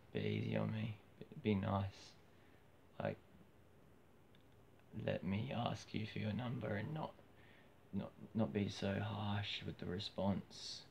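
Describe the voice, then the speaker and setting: Hoarse, gravelly deep-voiced Australian man. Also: darkish tone. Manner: rambling, frequent restarts and fillers. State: hoarse, losing his voice. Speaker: vlogger. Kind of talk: casual rambling monologue. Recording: dull lo-fi with faint hiss.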